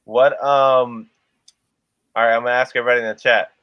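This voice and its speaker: A man's voice: medium pitch, steady tone, fairly quick, clear, resonant tone, no room sound, muffled recording. A man co-hosting a casual livestream, rambling and laughing as he talks to the chat. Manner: rambling, laughs often, restarts a lot. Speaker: livestream co-host.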